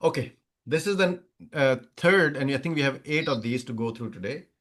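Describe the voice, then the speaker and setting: A man's voice: mid-range voice, expressive, normal speed, fairly bright tone. A man teaching a grammar class over a video call, explaining step by step, repeating examples and checking that students follow. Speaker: Arabic teacher. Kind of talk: online class lecture.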